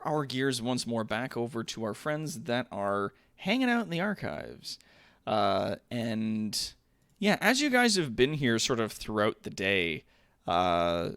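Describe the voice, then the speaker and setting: A man's voice: medium pitch, fairly bright tone. A man narrating a tabletop game as game master, casual with many fillers.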